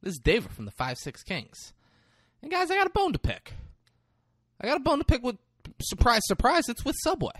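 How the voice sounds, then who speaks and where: A man's voice: extremely high pitch, wildly swooping pitch, fairly quick, fairly bright tone, breathy edge, no room sound, clean studio sound. A man hosting a comedy podcast, ranting in a casual, profane, jokey way. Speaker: podcast host.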